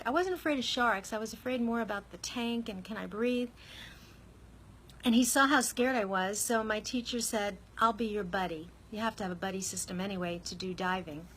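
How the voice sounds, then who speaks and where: A woman speaking candidly to camera, telling a personal story in a conversational, animated way. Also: fairly high pitch, slight background noise, rough recording. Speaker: vlogger.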